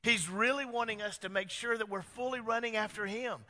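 A male pastor preaching a sermon, animated, with many rhetorical questions to the congregation. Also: sits high, fairly quick. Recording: long hall reverb.

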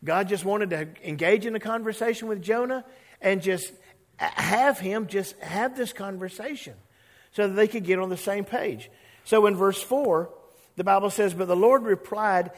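Animated male pastor preaching a sermon. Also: high voice, normal speed, big-room sound. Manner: conversational, acts out voices of Bible characters; animated, playful with the congregation.

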